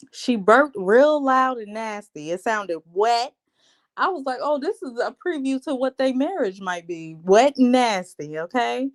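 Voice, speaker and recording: A woman hosting a live reality TV recap, chatting in a sassy, gossipy, slangy way. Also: mid-range voice. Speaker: show recap host.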